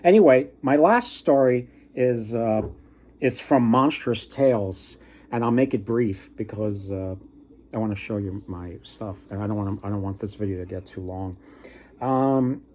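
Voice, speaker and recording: A man casually retelling a folktale for his book vlog, halting with many pauses and restarts. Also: on the low side, a little mellow, a little hiss or hum. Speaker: book vlogger. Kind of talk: casual storytelling.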